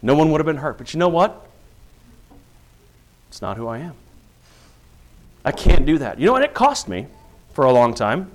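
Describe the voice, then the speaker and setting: A man's voice: a little high, very animated, normal speed, pauses often. A middle-aged man, a police officer, telling a personal story in earnest and acting out the dialogue as a testimony of faith.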